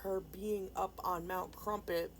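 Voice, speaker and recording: A woman's voice: mid-range voice, steady tone, unhurried, a little hiss or hum, poor audio. A woman vlogger casually telling a rambling personal story, full of fillers and restarts. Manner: subdued and grieving in later part. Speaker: nail art vlogger.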